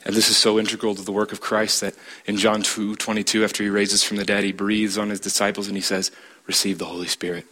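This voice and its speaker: A man preaches at a fast clip in a bright, forceful voice, though his delivery is completely flat. He hammers his points home emphatically, climbing to a high pitch for stress, and puts direct questions to his listeners.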